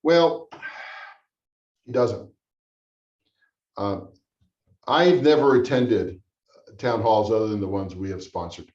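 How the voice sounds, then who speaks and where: A man's voice: on the low side, takes it slowly, long pauses, darkish tone. A man answering questions at a town hall in a blunt, sarcastic manner. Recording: roomy, distant, dull sound.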